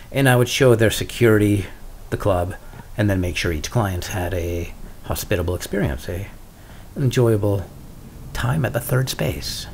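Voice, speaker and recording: Wry deadpan man with a low voice. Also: slight background noise. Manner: wry, deadpan asides, sarcastic humor. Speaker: podcast host. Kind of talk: solo podcast monologue.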